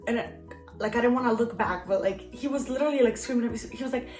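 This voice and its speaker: A woman's voice: fairly high pitch, expressive, quick pace. A young woman vlogger telling a casual story time, rambling and full of "like" fillers. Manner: rambling, heavy use of "like" fillers. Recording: roomy echo, faint background music.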